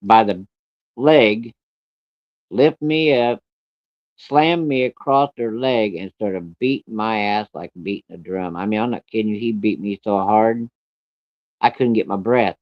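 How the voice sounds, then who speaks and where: A man's voice: fairly low pitch, a little slow, no room sound. A man telling a personal story in a blunt, plain-spoken way, cursing freely. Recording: dry, dull lo-fi recording.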